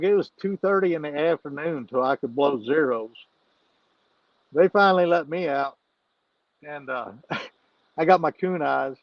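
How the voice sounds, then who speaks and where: A man's voice: a little high, vocal fry, no room sound, muffled recording. A man telling a rowdy story as a podcast guest, laughing and cursing freely. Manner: laughs often while telling stories, swears freely. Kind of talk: casual storytelling.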